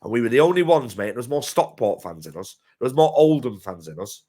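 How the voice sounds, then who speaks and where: A man chatting passionately as co-presenter, getting loud and emphatic. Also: medium pitch, big pitch swings, fast talker. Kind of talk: casual chat.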